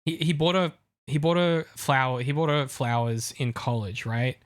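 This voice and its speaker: A man's voice: mid-range voice, steady tone, normal speed. Enthusiastic male podcast co-host. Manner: enthusiastic, lots of restarts. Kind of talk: casual analytical chat.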